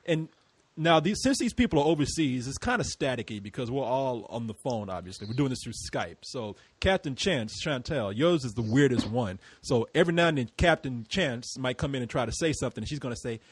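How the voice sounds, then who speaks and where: An American man hosting a casual group podcast, loud, laughing and swearing freely. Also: mid-range voice, lively intonation, fairly quick, few pauses, husky, dry recording. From United States. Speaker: podcast host.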